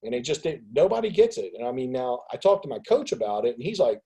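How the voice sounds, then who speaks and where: Man, video call host, casual rant, raspy, mellow dark tone. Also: mid-range voice, fast talker, poor audio. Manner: animated ranting, acts out others' voices. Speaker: host of a business mastermind call. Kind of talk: casual group call monologue.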